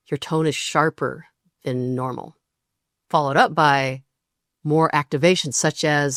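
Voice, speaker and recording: A woman hosting a relationship podcast, talking through ideas in a calm, measured monologue and briefly voicing quoted partners. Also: low voice, no room sound, studio quality.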